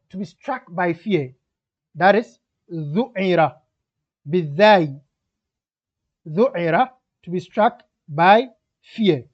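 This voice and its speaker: Taking the grammar examples step by step, this patient teacher uses English explanations alongside Arabic grammatical terms. His high voice is a little mellow, and the recording comes across slightly dull and lo-fi.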